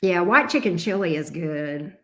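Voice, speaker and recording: A woman's voice: fairly low pitch, a little slow, a bit bright. A woman hosting a casual livestream chat, answering viewers by name. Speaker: tarot reader hosting a livestream.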